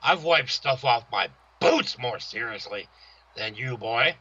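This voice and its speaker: A man voicing a threatening veteran pro wrestler in a trash-talk promo, growling and shouting his threats. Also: mid-range voice, lively intonation, unhurried, breathy edge, highs cut off, full character voice. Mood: scornful.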